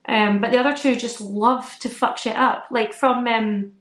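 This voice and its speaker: A woman in her thirties chatting casually as a podcast co-host, telling animated stories and acting out her kids' voices. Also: a little high, moderate pace, echoey room. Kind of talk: casual chat.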